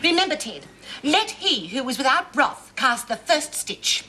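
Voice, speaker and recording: A prim, fussing mother speaks slowly in a bright voice. Her pitch swoops widely in a genteel way. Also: very animated, slight background noise, full character voice. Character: fussy, prim middle-aged Australian mum. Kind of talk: sitcom acting.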